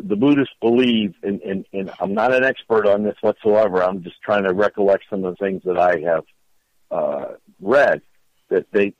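A man's voice: sits low, dry recording, dull audio. A middle-aged man casually telling a long story, often repeating and restarting his words. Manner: rambling, repeats words, animated retelling. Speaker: storyteller guest.

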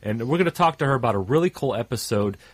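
A man's voice: mid-range voice, expressive, fast talker, husky, no room sound. A man co-hosting a radio show in casual talk, stuffed up, rambling with many fillers and trailing off at phrase ends.

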